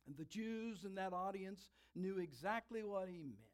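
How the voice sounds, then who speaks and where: A man with a high voice delivers a sermon with dramatic emphasis, slowing down to lean on key words. He preaches in a storytelling way to a congregation. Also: lively intonation.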